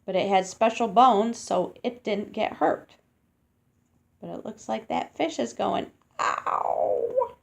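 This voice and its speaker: A woman's voice: medium pitch, measured pace, gravelly. A woman reading a picture book aloud to children, stopping to explain words, sound out hard names and ask them questions.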